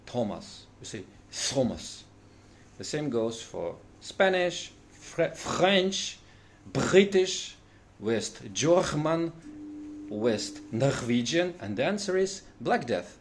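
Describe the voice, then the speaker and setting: A man from Russia giving a deadpan mock history lesson, mimicking speech sounds like a self-styled expert. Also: a little high, slow, a little hiss or hum.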